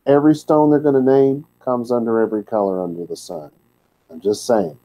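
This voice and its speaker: A man's voice: mid-range voice, animated, a little fast, warm tone, rough recording. A man teaching a word-by-word scripture lesson, plainspoken, with candid asides. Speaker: Bible teacher.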